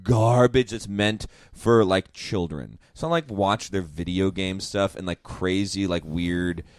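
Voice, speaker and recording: A man's voice: low voice, measured pace, no echo, clean studio sound. A man hosting a casual chat, rambling and self-mocking as he talks. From New York. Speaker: podcast host.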